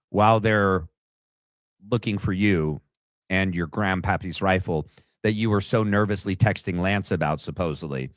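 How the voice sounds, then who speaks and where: Sarcastic guy reacting to a clip at his desk, lowish voice, dry mic. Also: normal speed, no echo. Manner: sarcastic, mocking, rambling. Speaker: commentary host. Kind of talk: reaction commentary. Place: home desk setup. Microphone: desk camera mic.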